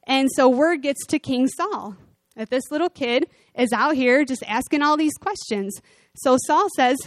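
A woman preaching a sermon, conversational and animated as she retells scripture. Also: high voice, moderate pace, no echo.

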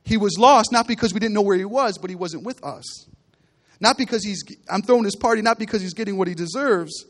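A man preaching a sermon, retelling a parable with animated storytelling and bursts of loudness. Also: high-pitched, a little fast. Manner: animated storytelling preacher, acting out characters with big swings in loudness. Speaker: pastor.

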